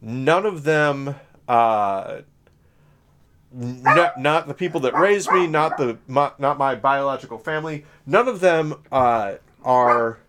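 A man from Southern Illinois co-hosts a podcast in a loose, conversational way. His voice sits at an ordinary pitch, and he wanders through his thoughts with plenty of "uh"s and restarted sentences. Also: slow, very noisy. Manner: rambling, many fillers and self-corrections. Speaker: podcast co-host. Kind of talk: casual conversational chat.

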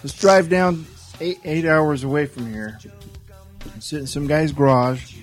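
A man's voice: fairly high pitch, a little slow, soft background music. A man co-hosting a casual podcast, dropping short, dry jokes. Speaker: podcast co-host.

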